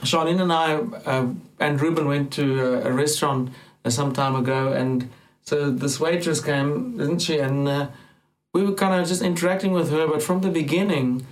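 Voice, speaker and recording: A man earnestly telling a personal faith testimony in a casual conversation, with halting starts and restarts. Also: on the high side, steady tone, poor audio. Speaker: Christian talk-show participant.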